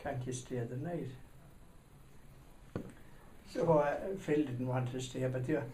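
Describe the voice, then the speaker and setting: A man rambles through a comic anecdote at an even middle pitch, breaking into loud shouted voices for the people in it. He sits well back from the microphone in an echoey room. A steady noisy hiss runs under the recording. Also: takes it slowly, far from the mic.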